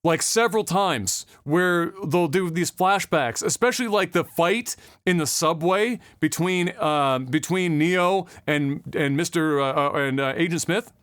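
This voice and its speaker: High-voiced man ranting on a podcast. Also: a little slow, hardly any pauses, fairly bright tone, smooth, no room sound, studio quality. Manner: profane, rambling rant with many fillers. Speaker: podcast co-host. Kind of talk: casual podcast chat.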